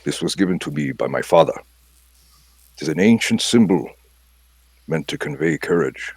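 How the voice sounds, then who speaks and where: Man voicing a very deep-voiced mystic inspector, formal and measured, dry close sound. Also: expressive, husky, no echo, exaggerated voice. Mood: earnest. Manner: measured, formal, gently wise. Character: calm, fastidious older male mystic inspector.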